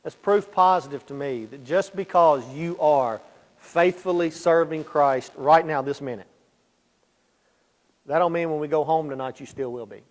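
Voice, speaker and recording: High-voiced preacher in an echoey church. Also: male voice, normal speed. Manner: animated storyteller, swinging between loud emphasis and quiet asides. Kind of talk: sermon. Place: church sanctuary.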